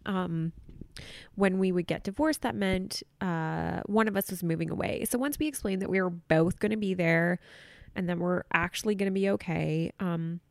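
Gravelly-voiced woman, emotional podcast storytelling. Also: on the low side, moderate pace, dry recording. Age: 30s. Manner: emotional, candid, close to tears. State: choked up. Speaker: podcast host. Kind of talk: personal storytelling.

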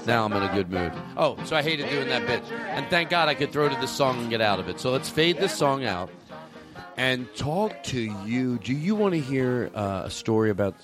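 A man's voice: mid-range voice, very animated, normal speed, over music. A man hosting a comedy podcast, rambling and self-mocking with sudden silly asides. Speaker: podcast host. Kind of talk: loose comedic podcast banter.

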